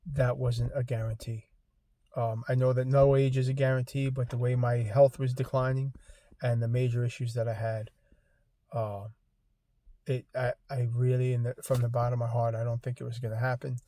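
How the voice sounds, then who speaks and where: A man in his fifties, making a heartfelt vlog appeal to his viewers, halting and choked up, fighting back tears. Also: medium pitch, flat delivery, dark tone, dry recording. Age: 50s. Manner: halting, many ums and restarts. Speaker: vlogger. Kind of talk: emotional personal vlog appeal.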